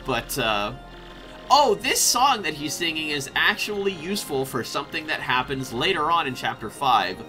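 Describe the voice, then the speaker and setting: Man, gameplay commentary, very bright tone, lively up-and-down pitch, faint game music behind. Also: normal speed. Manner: excitable, rambling, laughs often. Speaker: let's play host.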